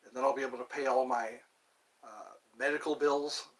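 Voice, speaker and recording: A man's voice: mid-range voice, steady tone, a little fast, low-quality recording. A man rambling through a casual livestream monologue, wry and self-mocking.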